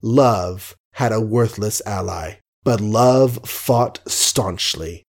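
A man narrating an old-fashioned novel, with wry, gently ironic asides to the listener. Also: lowish voice, takes it slowly. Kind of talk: audiobook narration.

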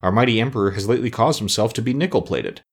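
An aged palace servant, polite and deferential, as a man puts him on for a storybook reading. The tone is husky, with the pitch lifting at times above the reader's own. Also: fast talker.

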